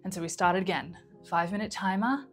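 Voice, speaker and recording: A woman's voice: mid-range voice, brisk, faint music behind. Woman telling a story to camera. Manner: conversational, re-enacts quotes. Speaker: mind-body coach.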